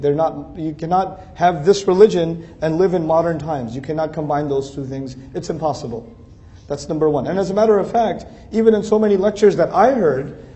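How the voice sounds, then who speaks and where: A man speaks in a conversational lecture style, earnest and persuasive. His voice sits slightly high and has a mellow, relaxed tone. He drives his points home with repeated, emphatic phrases. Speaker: speaker giving an Islamic talk.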